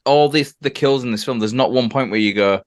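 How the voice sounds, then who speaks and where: A man's voice: medium pitch, a little fast. A man co-hosting a casual film podcast, making his points emphatically. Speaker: podcast co-host. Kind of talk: casual chat.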